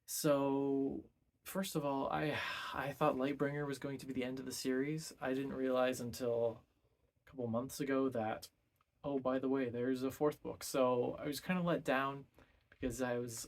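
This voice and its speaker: A man's voice: medium pitch, level tone, moderate pace. A man giving a casual, rambling book review full of ums and self-corrections.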